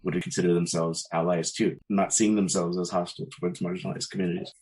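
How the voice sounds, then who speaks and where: A man's voice: low voice, flat delivery, fast talker, darkish tone, rough recording. A man, a guest on a panel discussion, speaking candidly in a casual chat and telling a long personal story. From Caribbean family, mother from Barbados. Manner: candid storytelling, quotes others in raised voices.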